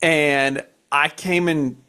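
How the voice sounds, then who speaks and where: A man's voice: a little high, fairly even intonation, drawn-out words, pushed and bright, clean tone. A young adult man hosting a podcast, telling a story in a casual, self-mocking way with lots of fillers. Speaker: podcast host.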